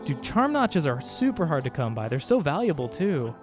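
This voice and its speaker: A man's voice: fairly high pitch, sing-song, moderate pace. A man streaming a video game, chatting casually and joking with his viewers while he plays. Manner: chatty, jokey, reads game dialogue aloud. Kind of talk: casual gameplay chat. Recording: faint game music behind.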